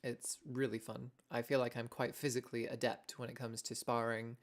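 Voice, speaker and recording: A woman's voice: a bass voice, flat delivery, moderate pace, few pauses. A young English woman streaming a casual chat, rambling and self-deprecating, laughing often as she talks to her viewers. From England.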